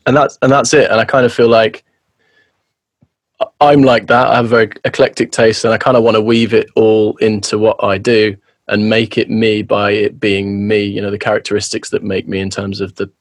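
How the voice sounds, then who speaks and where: English guy in his thirties, lowish voice, earnest and rambling, dry close sound. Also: fairly even intonation, a little fast, dry recording. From England. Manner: earnest, rambling, self-deprecating. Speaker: guest musician. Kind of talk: casual podcast interview.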